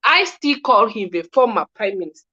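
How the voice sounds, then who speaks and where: A woman with a Kenyan accent giving casual political opinions in halting speech, with many restarts and repeated words. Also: medium pitch, big pitch swings, pushed and bright. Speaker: guest commentator. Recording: slightly dull lo-fi recording.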